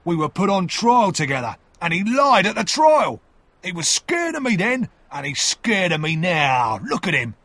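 A man voicing a rough, desperate convict who speaks loudly and defiantly. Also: high voice, big pitch swings, normal speed, no echo, voice pushed up, full character voice. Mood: scornful. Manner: loud, forceful and defiant. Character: rough desperate male convict, fierce and bitter.

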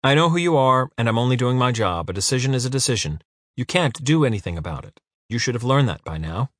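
A smug council official talks down to people with brisk, unshakable calm, as a male narrator puts him on. He speaks quickly and evenly, as if the matter were settled. The recording is dry and close. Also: medium pitch, no echo. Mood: smug condescending.

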